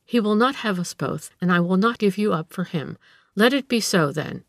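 A woman's voice: medium pitch, animated, moderate pace, dry recording, clean studio sound, natural voice. A woman voicing a proud, impulsive young woman who speaks haughtily and with strong feeling. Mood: proud, cool.

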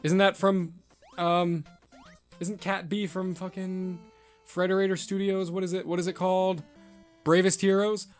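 A man commenting on a retro game as he plays, swearing and reacting loudly. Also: high voice, flat delivery, a little slow, soft background music. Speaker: gameplay streamer. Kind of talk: excitable let's-play commentary.

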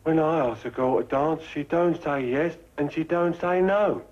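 An actor playing a naive, simple-minded young soldier in a 1950s film comedy. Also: male voice, a little high, moderate pace, darkish tone, lightly acted. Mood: earnest. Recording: muffled 1950s film soundtrack.

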